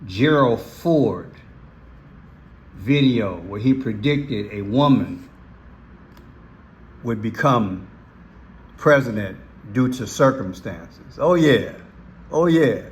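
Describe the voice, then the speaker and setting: A man's voice: medium pitch, lively intonation. A man hosting a casual political commentary channel, folksy and emphatic. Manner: folksy, emphatic, slow and drawn out. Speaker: YouTube commentary host.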